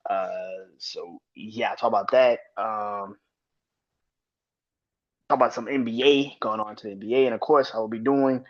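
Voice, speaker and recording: A man in his thirties hosting his own sports podcast, talking loosely and swearing freely, his voice jumping high when he rants. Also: normal speed, lo-fi sound. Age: 30s. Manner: loose and profane, rants with sudden high-pitched outbursts. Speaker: podcast host. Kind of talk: casual solo sports podcast.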